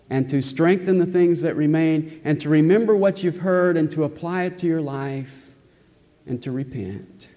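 Earnest preaching man, mellow voice. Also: on the high side. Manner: earnest, emphatic preaching with rhetorical questions. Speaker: pastor. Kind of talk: sermon. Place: church sanctuary. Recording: long hall reverb.

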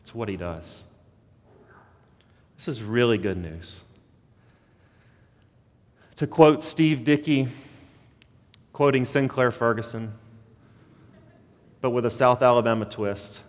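A man's voice: mid-range voice, takes it slowly, pauses often, big-room sound. A man preaching a sermon as pastor, earnest and building to emphatic points.

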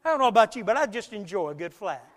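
A man preaching a sermon as pastor, emphatic, swinging between loud and quiet, speeding up and slowing down. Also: high voice, big pitch swings, big-room sound. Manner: emphatic preaching with big swings in loudness and pace.

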